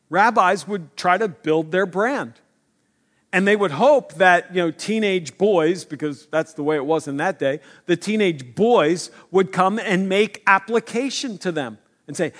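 A man's voice: high voice, unhurried, fairly bright tone. A man preaching a sermon in an earnest, conversational way that builds to emphatic points.

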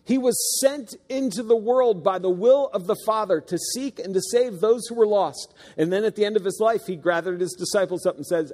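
A man's voice: high voice, moderate pace, few pauses, a little mellow, big-room sound. A man preaching a sermon, earnest and emphatic, stressing key words and sometimes restarting his sentences. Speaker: pastor. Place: church sanctuary.

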